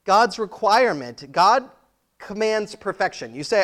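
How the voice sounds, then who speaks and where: Fairly high-voiced man preaching casually. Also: animated, normal speed. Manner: conversational, laughs often, asks the audience questions. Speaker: pastor. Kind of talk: sermon. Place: church.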